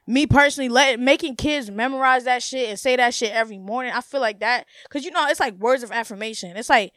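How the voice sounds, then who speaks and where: A young woman hosting her own podcast, ranting in a blunt, profane, animated way and laughing often. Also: on the high side, fast, no echo, studio quality. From United States. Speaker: podcast host. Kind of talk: casual solo podcast rant.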